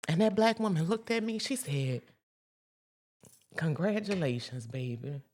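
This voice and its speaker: A woman's voice: mid-range voice, expressive, a little fast, darkish tone. A woman hosting a casual spiritual talk for her viewers, chatty and emphatic, with profanity and sudden whoops. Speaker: host.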